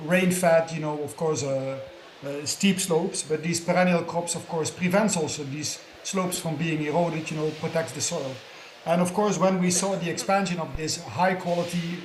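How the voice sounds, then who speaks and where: A man's voice: on the high side, roomy sound, slight background noise. A man speaking as a panelist, explaining in a conversational way and often checking in with tag questions. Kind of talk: conference panel talk.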